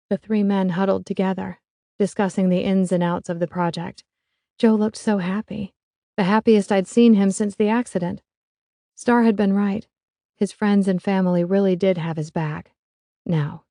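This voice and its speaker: A woman's voice: medium pitch, steady tone, normal speed, dark tone, dry recording, studio quality. A woman narrating a first-person romance audiobook in a wry, confiding way.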